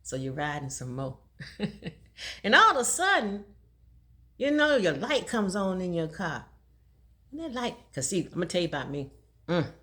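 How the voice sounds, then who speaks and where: A woman telling a personal story in a casual vlog, talking fast and laughing often. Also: lowish voice, big pitch swings, pushed and bright. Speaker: vlogger.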